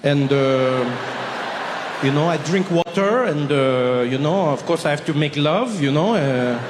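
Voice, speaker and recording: A man voicing a laid-back man, who talks slowly and hesitantly with lots of drawn-out fillers. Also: on the high side, expressive. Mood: unbothered. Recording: long hall reverb, faint noise.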